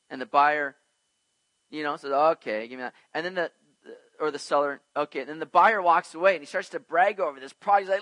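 A man's voice: fairly high pitch, brisk, no echo, poor audio. A man preaching a verse-by-verse sermon, asking his listeners questions and acting out everyday scenes. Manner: animated, asks the congregation questions and acts out little scenes. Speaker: pastor. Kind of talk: expository sermon on Proverbs.

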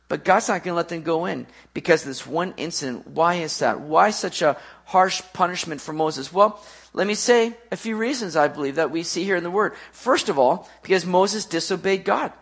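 A preacher giving an animated sermon, who rises for emphasis and then drops to a quiet, low close. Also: moderate pace, husky.

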